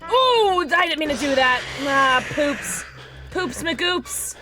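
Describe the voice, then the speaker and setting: A woman's voice: high-pitched, big pitch swings, slow, background noise. A woman streaming a horror game live, chatting to viewers and squealing when startled. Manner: jumpy, squealing when scared, talks to chat. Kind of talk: live gameplay chat.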